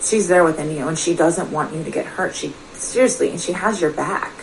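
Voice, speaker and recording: A woman with a lowish voice gives an earnest, confiding motivational talk. She speaks as a coach, turning often to ask her listeners pointed questions. A faint hiss sits under her voice. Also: moderate pace, low-quality recording. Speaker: personal development coach. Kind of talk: motivational direct-to-camera talk.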